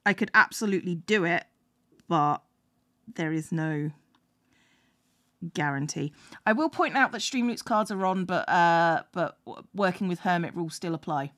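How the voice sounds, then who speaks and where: Woman stream host, lower pitch, dry close sound, matter-of-fact casual chat. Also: expressive, normal speed, a bit bright, no echo.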